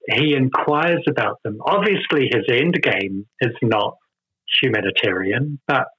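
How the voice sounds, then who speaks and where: A man discussing a film in casual conversation, thoughtful and quick to laugh. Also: mid-range voice, expressive, fairly bright tone, husky. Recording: dull lo-fi sound.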